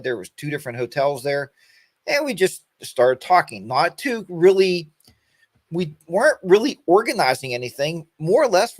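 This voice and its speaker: A man's voice: fairly high pitch, no echo. Rambling folksy man in his fifties, dry sound. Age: 50s. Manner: rambling, folksy, addresses viewers by name. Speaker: host of a weekend motorcycle chat stream. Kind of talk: casual livestream chat.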